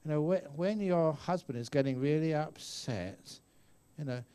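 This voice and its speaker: An older man gives a relaxed, story-filled Buddhist talk at a retreat. He chats with his listeners and now and then acts out voices in the stories he tells. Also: on the high side, moderate pace, clean tone. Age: 60s. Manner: chatty storyteller, acts out voices, laughs often. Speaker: Buddhist monk teacher. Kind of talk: dharma talk answering questions. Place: meditation retreat hall.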